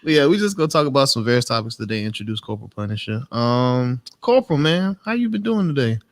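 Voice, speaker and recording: Gravelly, animated man hosting. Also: mid-range voice, quick pace. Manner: loose, joking, slangy. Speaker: podcast host. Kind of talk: casual podcast chat.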